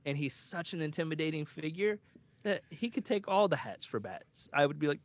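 A man co-hosting a casual movie podcast, animated and laughing as he quotes lines. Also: fairly high pitch, brisk, dry recording. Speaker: podcast co-host.

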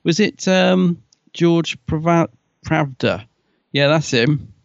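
Excitable chatty man, gravelly voice. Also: a little high, takes it slowly, no room sound, highs cut off. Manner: chatty, excitable, laughs often. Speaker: podcast co-host. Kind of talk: casual chat.

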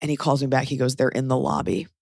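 A woman's voice: very deep voice, flat delivery, quick pace, vocal fry, a little mellow, slightly rough, no echo, studio quality. A woman in her thirties hosting a podcast, telling a story casually with lots of fillers and swearing. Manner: rambling, filler-heavy, sweary. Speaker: podcast host.

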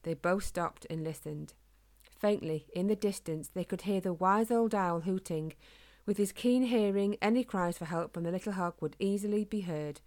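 Gentle woman reading a storybook. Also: mid-range voice, moderate pace. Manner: calm, gentle and steady. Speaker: narrator.

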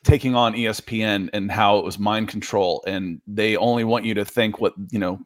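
A man's voice: on the low side, normal speed, no echo, clean studio sound. Rambling male sports commentator. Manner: rambling, restarts, animated opinions. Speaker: sports talk co-host and writer. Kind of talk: casual sports chat.

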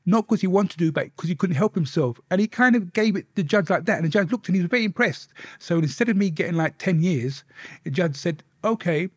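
A middle-aged man, a softly spoken interview guest telling his life story and swearing freely. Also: high-pitched, no echo, clean studio sound.

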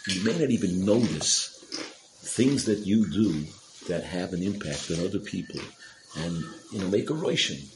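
Casual male storyteller, deep-pitched, teaching a moral tale, faint noise behind. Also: lively intonation, normal speed. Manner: casual, conversational, with fillers and restarts. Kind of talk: storytelling Torah talk.

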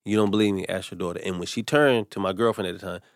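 A man's voice: low voice, fairly even intonation, fast, no echo, studio quality. A comedian telling a personal story in casual conversation, acting out the people he quotes. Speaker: comedian guest.

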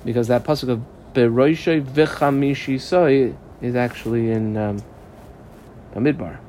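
Male Talmud teacher, mid-pitched, translates the text line by line for a small study group, faint background hiss. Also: unhurried, mellow. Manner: explains step by step, asking and answering his own questions; reads Aramaic text and translates phrase by phrase. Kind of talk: Talmud class lesson.

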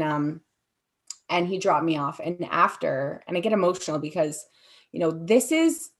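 A woman speaking candidly in an interview, talking haltingly with frequent fillers. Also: on the low side, a bit bright. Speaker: guest sharing her story. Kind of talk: personal testimony interview.

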